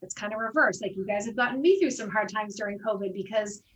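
A fitness instructor talks casually in an interview, her medium-pitched voice moving fast as she tells animated stories and acts out the exchanges she quotes. She sits far from the mic, and the recording is rough.

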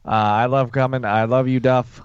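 A man's voice: medium pitch, level tone, moderate pace, clear, resonant tone, no room sound, dull audio. A man appearing as a guest in scripted comedic radio banter, hesitant and full of fillers but reassuring.

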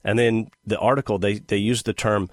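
A middle-aged man hosting a show, talking in a casual, sarcastic and animated monologue. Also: on the low side, moderate pace, dry recording, studio quality. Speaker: podcast host.

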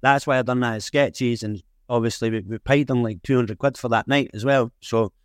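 A man's voice: medium pitch, fairly even intonation, fairly quick, dry recording, studio quality. Frank man with a broad Edinburgh accent. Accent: Edinburgh Scots. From Edinburgh, Scotland. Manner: broad Scots speech, plain and frank. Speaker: guest filmmaker and rapper. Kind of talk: casual interview chat.

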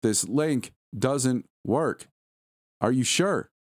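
Brief: man putting on a sharp wife's voice, pitched way up, swooping, dry close sound. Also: wildly swooping pitch, moderate pace, dry recording. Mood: exasperated. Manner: sarcastic, raised voice. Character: exasperated young wife, sharp and sarcastic.

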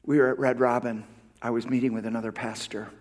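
A male pastor preaching a sermon, shifting from hushed, near-whispered asides to loud, fervent declarations with repetitive, rousing phrasing. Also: mid-range voice, little pitch movement, fast. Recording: reverberant hall sound.

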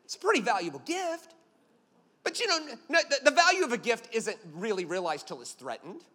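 A man's voice: very high voice, very animated, brisk, pushed and bright, in a large hall. A man preaching a sermon as a pastor, emphatic and punchy, telling stories with jokes.

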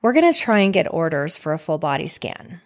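A woman's voice: low voice, big pitch swings, a little fast. A young adult woman hosting a podcast, earnestly retelling a personal story in a heartfelt, faith-filled way. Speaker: podcast host.

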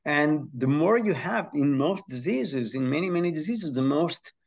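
Gravelly-voiced man, an enthusiastic professor. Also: on the high side, expressive, moderate pace. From Israel. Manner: enthusiastic, uses analogies, frequent hesitations. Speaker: guest, health psychology professor. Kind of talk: conversational explanation.

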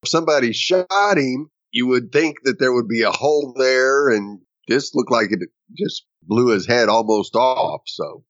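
A man's voice: medium pitch, a little slow, hardly any pauses, no echo, muffled recording. A man co-hosting a casual chat, narrating plot points and laughing along. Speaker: podcast co-host.

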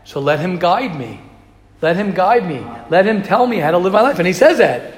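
Teaching Torah to young students, this man speaks at normal speed in a high, expressive voice. He's emphatic, repeats key phrases, and blends in Hebrew and Yiddish words, all in an echoey hall.

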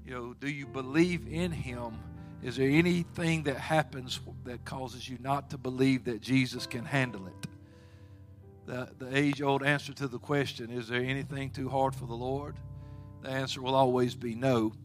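A man preaching a sermon as pastor of a church, telling homespun stories and rising to loud exhortation when he leads praise. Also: medium pitch, steady tone, normal speed, soft background music. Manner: folksy storytelling with plain asides.

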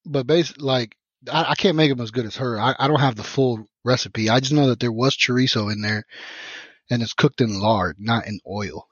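A man's voice: medium pitch, moderate pace, husky, no echo. Podcast guest, man from Mexico, loose and profane storyteller, dry lo-fi podcast audio. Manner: profane, rambling, animated retelling with many restarts. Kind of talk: casual storytelling.

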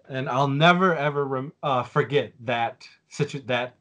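A man's voice: medium pitch, measured pace, hardly any pauses, a bit bright, lo-fi sound. A man in his forties on a casual podcast, telling a story with lots of fillers and restarts. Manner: rambling, with many fillers and restarts.

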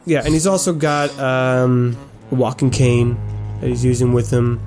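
A man narrating a tabletop game as game master, easygoing and laughing often. His voice is mellow and relaxed, at a middle pitch. Faint music plays behind him. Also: moderate pace.

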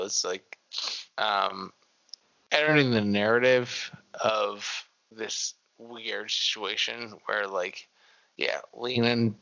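Male co-host, slow gravelly delivery, relaxed swearing film chat. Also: lowish voice, dull audio. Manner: laid-back, swears freely. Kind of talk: casual movie discussion.

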